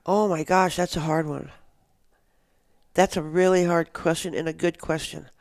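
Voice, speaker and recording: A woman's voice: fairly low pitch, fairly even intonation, normal speed, darkish tone, dry recording. Enthusiastic older woman, rambling. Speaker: guest, action sports show organizer. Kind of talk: casual interview chat.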